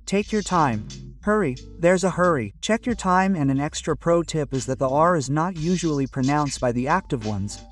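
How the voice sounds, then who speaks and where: A man's voice: fairly high pitch, expressive, moderate pace, faint music behind. Man drilling English phrases, a bit distant. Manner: repeats phrases over and over, drilling pronunciation. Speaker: English pronunciation teacher. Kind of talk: phrase-by-phrase language lesson.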